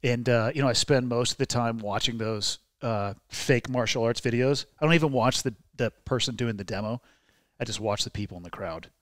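A man's voice: medium pitch, brisk, fairly bright tone, no echo, clean studio sound. A man hosting a podcast, joking and swearing casually in conversation. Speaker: podcast host. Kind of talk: casual chat.

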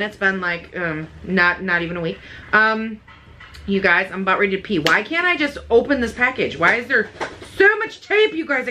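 A young woman vlogging as she unboxes makeup, gushing and excitable, swearing freely. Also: medium pitch, noisy background. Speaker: beauty vlogger. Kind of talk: casual unboxing chat.

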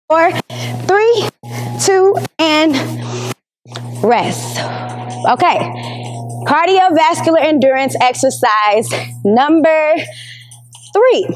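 Woman teacher running a workout, high voice, slow steady counting, faint music under it. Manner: counts down and coaches while exercising. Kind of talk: leading a workout class. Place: indoors, recorded for school television.

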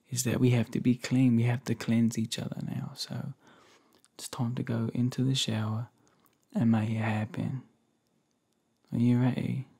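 Gravelly london-accent boyfriend, whispered role-play, slow and teasing , an american guy putting it on. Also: mid-range voice, exaggerated voice. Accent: put-on London accent. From United States. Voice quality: soft, half-whispered delivery. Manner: slow, coaxing and playful. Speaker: ASMR creator.

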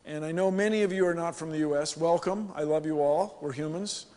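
High-voiced man joking in a big hall. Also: a little fast. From United States. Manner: animated, joking, emphatic. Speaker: keynote speaker. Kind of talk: conference keynote talk. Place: large conference hall with live audience. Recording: long hall reverb.

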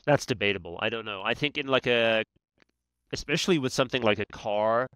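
A man's voice: mid-range voice, a little fast, fairly bright tone, clear, resonant tone. A man, a guest expert on negotiation, talking in a conversational way and often tagging his points with "right?". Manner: emphatic, many "right?" tags. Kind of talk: conversational explaining.

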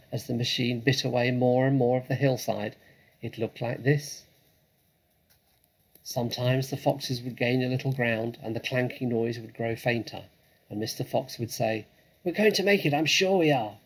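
A man reading a children's story aloud in a dramatic, measured way. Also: medium pitch, gravelly, slightly rough, poor audio.

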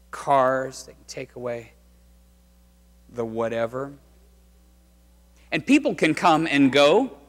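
A man preaching a sermon as pastor, telling the story conversationally and swinging between loud and hushed. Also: a little high. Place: church sanctuary. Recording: reverberant church sanctuary.

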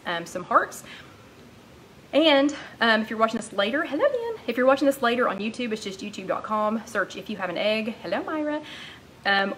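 A woman hosting a casual live-stream chat, rambling warmly along and greeting viewers by name, a little out of breath. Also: mid-range voice, slight background noise, poor audio. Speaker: host of a live weight-loss chat.

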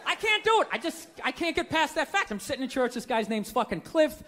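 A man's voice: very high-pitched, very animated, brisk, fairly bright tone, a little hiss or hum. A man doing stand-up comedy, ranting in a profane, incredulous way before a live audience. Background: audience laughter.

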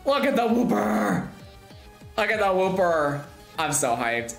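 A young woman streams a game from home with a bubbly, giggly delivery and a fairly low voice that leaps all over the place. Her desk mic picks up a roomy echo, with game music playing softly behind her. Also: unhurried. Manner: bubbly, laughing, squealing with excitement. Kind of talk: excited gameplay streaming chat. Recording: echoey room with music behind.

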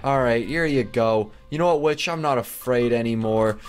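A young man hosting a gameplay channel, talking through an obstacle course in excited casual commentary that jumps into high squeals when something surprises him. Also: normal speed, clean tone. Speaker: gaming channel host. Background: faint background music.

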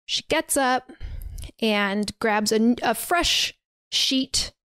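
A woman's voice: fairly high pitch, extremely slow, fairly bright tone, smooth, no room sound. A young woman on a podcast, retelling a horror film casually, with lots of "like" and little laughs. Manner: chatty, many fillers like "like", laughs while retelling. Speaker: podcast host recapping a film. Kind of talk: casual film recap storytelling.

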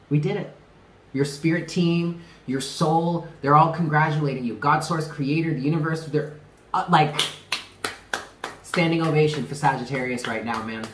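A man's voice: a little high, normal speed, fairly bright tone, roomy sound, slight background noise, rough recording. A man giving a casual tarot reading to camera, talking in an emphatic, chatty way and repeating himself with slangy asides. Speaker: tarot reader.

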